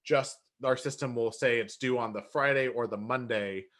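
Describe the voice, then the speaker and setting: A man explaining step by step how to build a workflow in software, relaxed and often correcting himself. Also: medium pitch, moderate pace. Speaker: software trainer. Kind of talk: screen-share software tutorial.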